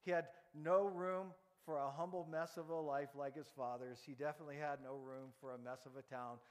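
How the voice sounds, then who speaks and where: A man's voice: fairly high pitch, steady tone, fairly quick, clean tone, in a large hall. A male pastor preaching a sermon, telling stories, asking the congregation to repeat after him, and often restarting words. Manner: storytelling, interactive, repeats words.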